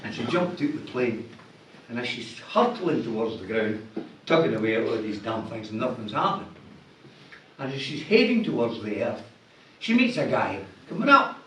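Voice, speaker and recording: An older Scottish man delivers an after-dinner speech in a large function hall, telling jokes and putting on different voices for the punchlines. He has a medium-pitched, fairly bright voice with big pitch swings and a moderate pace. The recording is distant and echoey, with a little hiss or hum.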